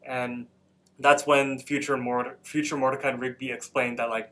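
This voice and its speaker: A young man with a bright, forceful voice, talking casually as a podcast co-host. He recaps scenes in a loose, rambling way, leaning on "like" and "um" as he goes. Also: mid-range voice, fairly even intonation, moderate pace. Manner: loose, rambling retelling full of "like" and "um". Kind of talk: casual episode recap chat.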